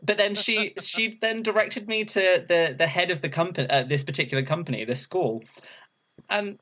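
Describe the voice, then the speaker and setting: A young man, a burlesque performer, chatting casually as a podcast guest and telling a story, laughing often and acting out quotes in a higher voice. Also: normal speed, pushed and bright.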